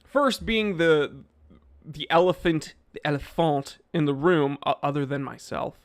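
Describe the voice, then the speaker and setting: Male livestream host, casual and animated, slightly raised pitch, lots of restarts. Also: a little slow. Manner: animated, reads viewer names aloud, frequent fillers and restarts. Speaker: livestream host answering chat. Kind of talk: casual live chat. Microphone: microphone he sometimes bumps.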